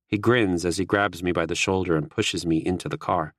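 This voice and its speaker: A man narrating a first-person audiobook in a steady, wry manner. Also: sits low, fairly quick, hardly any pauses, no echo, studio quality.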